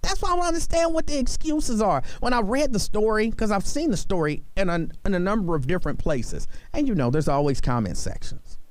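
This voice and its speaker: A man's voice: high voice, expressive, a little fast, few pauses, no echo. A man hosting a talk radio show from a studio, arguing his point emphatically and hammering it home by repeating himself. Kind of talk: opinionated talk radio monologue. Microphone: studio microphone.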